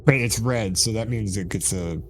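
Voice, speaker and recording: A man's voice: fairly low pitch, moderate pace, a little hiss or hum. A man playing a tabletop game, upbeat, double-checking the rules and counting his successes aloud. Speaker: player.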